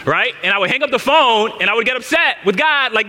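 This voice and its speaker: A man's voice: extremely high pitch, expressive, brisk, hardly any pauses, pushed and bright. A man in his thirties preaching a sermon, telling a candid personal story and speaking straight to the congregation in a large church hall. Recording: reverberant hall.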